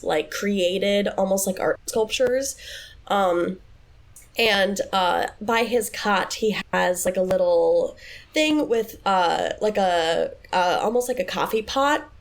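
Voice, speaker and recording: A woman playing a tabletop role-playing game, describing her character's actions with many likes and ums. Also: mid-range voice. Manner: hesitant, full of likes and ums, laughing. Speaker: player.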